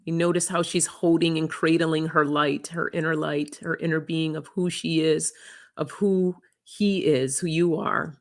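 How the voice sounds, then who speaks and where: Slow, gravelly woman reading oracle cards. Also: sits low, fairly even intonation. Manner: gentle, emotional, reflective, laughs often. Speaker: oracle card reader. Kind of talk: live-streamed oracle card reading.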